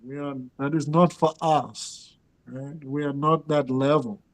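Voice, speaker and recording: A man's voice: on the high side, steady tone, a little slow, poor audio. Man teaching a scripture class. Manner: chants Sanskrit and Bengali verses, then explains them with asides to students. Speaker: spiritual teacher.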